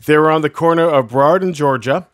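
A man's voice: fairly high pitch, fast, no room sound. Guy cohosting a podcast, cracks jokes and swears a lot, dry close sound. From Canada. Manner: profane, joking, laughs often. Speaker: podcast co-host. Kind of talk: casual podcast chat.

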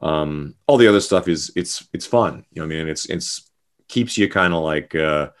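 Very deep-voiced rambling man. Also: normal speed. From Canada. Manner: rambling, many fillers and restarts. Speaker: guest musician. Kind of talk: casual interview chat.

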